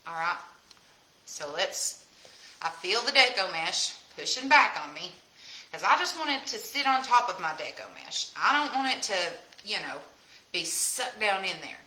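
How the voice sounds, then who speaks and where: With a medium-pitched, very animated, bright and forceful voice, a Tennessee woman with a Southern hill-country accent hosts a casual live craft demo at a measured pace. She chats folksily with her viewers, and the room gives a noticeable echo.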